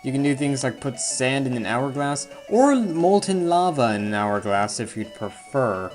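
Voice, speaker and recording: A man's voice: medium pitch, big pitch swings, moderate pace. Casual male let's-player, jokey and self-mocking, faint game music underneath. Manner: rambling, self-deprecating, jokey asides. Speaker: let's play commentator. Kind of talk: casual gameplay commentary.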